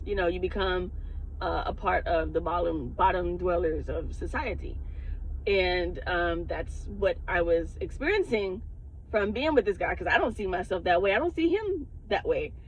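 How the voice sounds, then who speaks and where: A woman's voice: fairly low pitch, lively intonation, moderate pace, dull audio, slight background noise. A woman who works as a spiritual advisor, telling a personal story in a casual vlog, candid and heavy on the cursing. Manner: profane, candid, laughs often.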